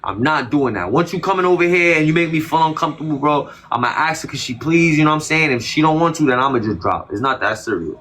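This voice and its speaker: Casual male interview guest, bright and forceful tone, repeats himself, slangy and defensive. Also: on the high side, lively intonation, fast, few pauses. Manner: emphatic, repetitive, slangy and defensive.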